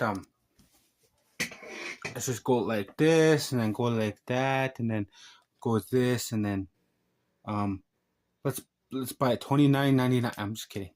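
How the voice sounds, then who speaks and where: A man's voice: medium pitch, unhurried, pauses often, a little mellow. Rambling casual man reviewing a film. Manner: meandering, self-interrupting, joking asides. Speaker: channel host reviewing a film.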